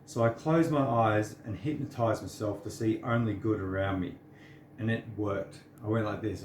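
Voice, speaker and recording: A man's voice: lowish voice, fairly even intonation, brisk, background noise. Earnest man in an echoey room. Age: 30s. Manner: earnest, sincere and preachy. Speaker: vlogger. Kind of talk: personal monologue to camera.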